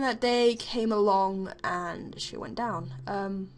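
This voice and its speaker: A woman's voice: medium pitch, takes it slowly. A young woman chatting over her gameplay, telling a story as she goes. She rambles and swears freely, leaning on plenty of fillers. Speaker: gaming vlogger.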